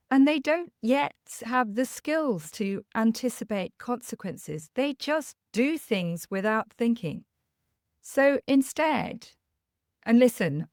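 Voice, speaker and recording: A woman's voice: fairly high pitch, darkish tone, dry recording, clean studio sound. A middle-aged woman hosting a parenting podcast, talking candidly and reassuringly and sharing personal stories. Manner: earnest, candid and reassuring, laughing at herself. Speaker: parenting coach, podcast host. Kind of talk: podcast monologue with personal anecdotes.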